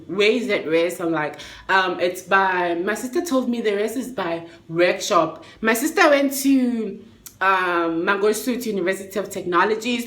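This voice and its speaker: A young woman telling a storytime vlog in a chatty, expressive way, with slang and swearing. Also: medium pitch. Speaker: vlogger. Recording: echoey room.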